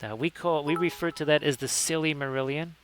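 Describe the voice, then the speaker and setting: Bright-voiced man hosting a painting stream. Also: fairly high pitch, a little fast, a little hiss or hum. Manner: chatty, jokey, many fillers, greets chat viewers. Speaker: live-stream host and miniature painter. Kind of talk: casual live-stream chat.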